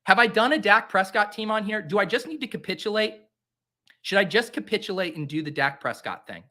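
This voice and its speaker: High-pitched, brisk, and lively, this young man's voice is pushed and bright. He's the host of a fantasy football show, drafting solo and casually talking himself down in mock exasperation.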